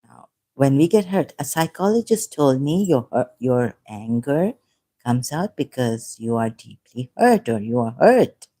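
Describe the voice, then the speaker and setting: A woman's voice: extremely low pitch, sing-song, unhurried, dark tone. A woman talking in an unscripted monologue as an online commentator, impassioned and rambling, often repeating herself.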